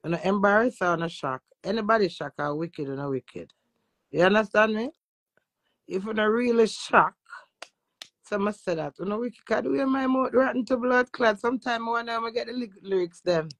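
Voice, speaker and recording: A woman with a Jamaican accent, a social media influencer, talking loudly and boastfully in casual patois and swearing freely. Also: medium pitch, brisk, no echo. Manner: loud, profane and boastful. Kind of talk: brash casual talk in patois.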